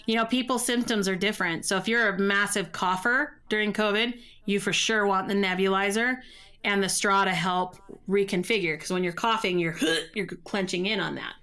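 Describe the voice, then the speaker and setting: A woman's voice: medium pitch, fairly even intonation, normal speed, sharp tone, smooth. A middle-aged woman, a vocal coach, explaining voice care in a podcast interview. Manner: explanatory, uses running metaphors.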